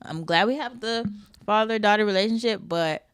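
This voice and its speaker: A woman co-hosting a casual faith podcast, animated and slangy, often affirming the others. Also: medium pitch, normal speed, smooth, dry recording, clean studio sound. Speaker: podcast co-host.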